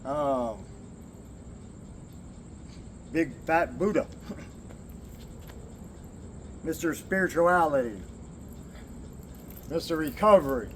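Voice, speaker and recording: A man's voice: on the high side, lively intonation, drawn-out words, pauses often, a little hiss or hum. A man from the American Southwest, at least in his forties, talking candidly in a rambling personal vlog. He swears, laughs often and speaks in short bursts. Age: 40s or older. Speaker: vlogger.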